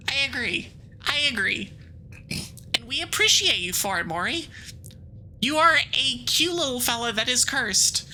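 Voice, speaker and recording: A woman streaming a game as a VTuber, chatting casually in a rambling, playful way full of quick asides and giggles, and reading the game's text aloud. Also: high-pitched, sharp tone, a little hiss or hum, rough recording.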